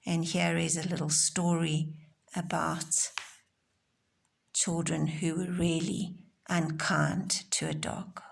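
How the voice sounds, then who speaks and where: A woman teacher giving a recorded home-learning lesson to young children, explaining gently and simply. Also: sits low, level tone, slow, gravelly, husky. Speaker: primary school teacher.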